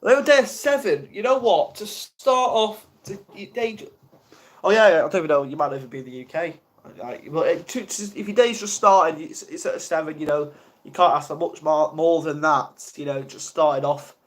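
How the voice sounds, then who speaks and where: A man's voice: fairly high pitch, moderate pace. A young man from the UK chatting casually on a live stream, flustered and rambling, mocking himself as he goes. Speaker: ASMR livestreamer.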